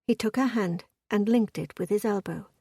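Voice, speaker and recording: Mellow woman narrating a romance. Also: medium pitch, normal speed, husky, dry recording, clean studio sound. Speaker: audiobook narrator.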